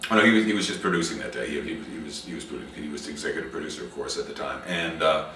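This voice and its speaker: A man's voice: rumbling low, rapid-fire, bright, forceful tone, distant mic. A middle-aged man in a casual interview, rambling with many fillers and restarts. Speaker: interview guest, actor and acting coach. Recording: echoey room, voice from off mic, faint noise.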